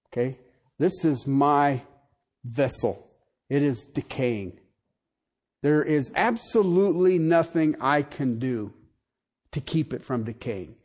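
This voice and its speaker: Animated male preacher. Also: medium pitch, slow pace, pauses often. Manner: animated preaching with jokes and sudden drops to soft prayer. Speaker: pastor. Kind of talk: sermon.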